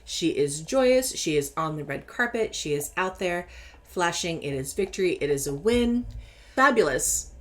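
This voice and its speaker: This woman's pitch is fairly low and her pace normal, and her Californian accent marks where she's from. Reading tarot in a relaxed deck-interview style, she comes across as animated, chatty, and quick to laugh.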